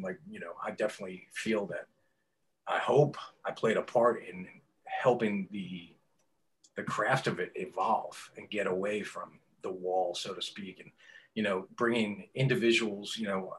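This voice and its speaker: A middle-aged man, a tattoo artist telling stories in an interview, swearing often and acting out quotes loudly. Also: fairly low pitch, normal speed. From New York. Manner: animated, profane storyteller who acts out quotes loudly. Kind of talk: casual storytelling interview.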